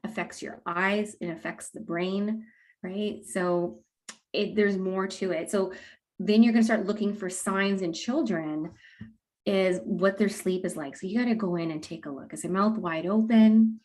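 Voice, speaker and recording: Woman guest expert, chatty and animated, explains stuff casually, mid-pitched voice. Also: unhurried. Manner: animated, acts out quoted parents with laughs. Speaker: guest expert on mouth breathing. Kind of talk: casual explanatory interview answers.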